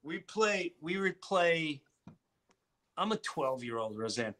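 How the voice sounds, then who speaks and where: A middle-aged comedian from Long Island tells stories in a casual chat. His voice is high and bright, and he swears freely as he talks. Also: slow. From Long Island, New York. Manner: animated, heavy swearing, restarts. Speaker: comedian guest.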